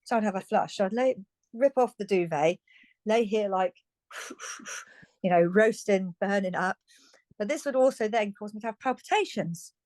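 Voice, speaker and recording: A British woman in her fifties talks frankly and at length, her voice sitting at an ordinary middle pitch. She chats freely, restarting sentences and breaking into small laughs as she goes. The sound is close and dry. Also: normal speed, darkish tone, no echo. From United Kingdom. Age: 50s. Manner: chatty and frank, many restarts and little laughs. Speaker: guest. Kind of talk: candid conversational storytelling.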